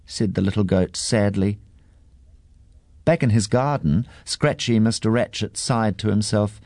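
Man reading children's story, deep voice, slow, lively intonation, dry sound. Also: no echo.

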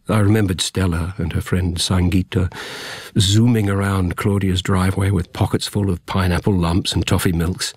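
A man with a husky voice narrating a first-person story in an intimate, reflective way. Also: low voice, level tone, moderate pace, dry recording. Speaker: audiobook narrator.

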